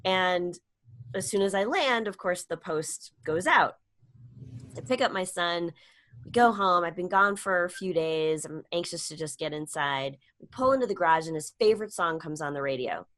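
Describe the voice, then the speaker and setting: A middle-aged woman, a comedian and speaker, telling a personal story in a casual interview, acting out quoted lines with sudden high-voiced jumps. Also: normal speed, fairly bright tone. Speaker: guest, comedian and public speaker.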